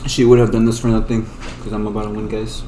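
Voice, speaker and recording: A young woman vlogger with a bass voice chats casually and fast, teasing her sister in a playful, full way. Her delivery is flat but warm in tone. It's a noisy laptop recording made on a desktop USB mic.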